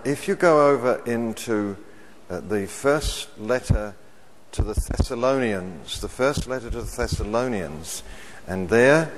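A middle-aged man preaching a sermon, measured and emphatic, repeating his key phrases. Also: fairly low pitch, a little hiss or hum. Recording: long hall reverb.

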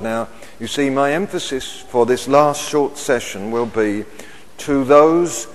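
A middle-aged man preaching a sermon, measured and emphatic, repeating his key phrases. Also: mid-range voice. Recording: long hall reverb.

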